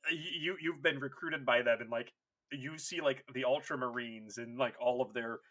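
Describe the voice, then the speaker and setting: A man co-hosting a casual comedy podcast, animated and swearing, laughing often as he acts out bits. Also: mid-range voice, moderate pace. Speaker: podcast co-host.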